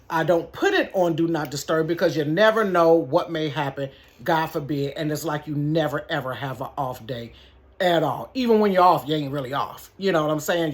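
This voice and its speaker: Animated middle-aged woman telling stories. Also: deep voice. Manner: animated, chatty, talks straight to viewers with "y'all" and "honey". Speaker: store manager. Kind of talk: casual storytime vlog. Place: bedroom.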